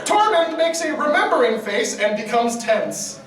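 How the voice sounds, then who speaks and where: A man's voice: extremely high pitch, sing-song, moderate pace, crowd noise. A man co-hosting a live comedy panel, reading fan fiction aloud in a playful, giggly way. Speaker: convention panel host. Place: convention panel room with audience. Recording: distant mic, echoey convention hall, audience.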